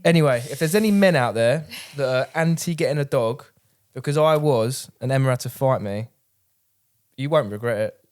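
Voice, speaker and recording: A man's voice: mid-range voice, normal speed, a little mellow, no echo. Man, casual co-host, jokey, dry close sound. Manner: jokey, rambling, talks baby-talk to the dog. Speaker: podcast co-host. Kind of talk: casual chat.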